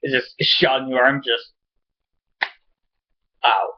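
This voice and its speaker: A man casually recapping a TV episode at home, excitable and swearing, rambling with lots of fillers. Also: medium pitch, slow, highs cut off. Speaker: show reviewer. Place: home with a pet cat.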